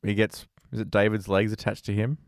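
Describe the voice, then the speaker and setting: A man's voice: on the low side, flat delivery, brisk, no echo. A man chatting as a podcast guest, mostly giving short, dry remarks. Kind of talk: casual chat.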